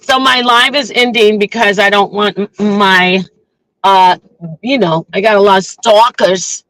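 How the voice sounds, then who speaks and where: A woman's voice: medium pitch, unhurried, no room sound, rough recording. Chatty woman vlogging live from her car. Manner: chatty, rambling, animated retelling. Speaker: livestream host. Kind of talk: casual live vlog while driving.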